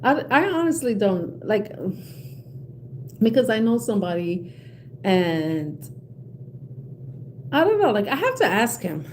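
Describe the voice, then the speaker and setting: Tarot vlogger, woman, higher pitch, swears, laughs through a heated rant. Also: sing-song, a little slow, pauses often, a little mellow, a little hiss or hum. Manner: blunt, swears freely, laughs often, gets heated. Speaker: tarot reader. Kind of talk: casual ranting chat to viewers.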